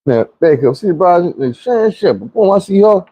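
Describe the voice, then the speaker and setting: A man telling a long, profane, slang-heavy story from his youth in a lively, animated way. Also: sits high, fairly quick, no echo, dull audio. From Arkansas. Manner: animated, slangy, acts out quoted friends.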